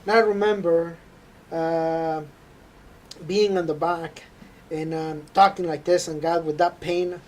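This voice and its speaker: A man telling an earnest, halting faith testimony. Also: on the high side, fairly even intonation, a little mellow. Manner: halting, earnest storytelling with frequent hesitations. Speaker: interview guest.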